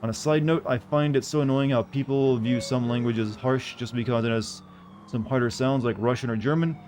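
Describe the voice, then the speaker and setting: Male streamer, casual rambling chatter over gameplay, mid-pitched voice, light background hum. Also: steady tone, a little fast, darkish tone. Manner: rambling, joking, answers chat questions.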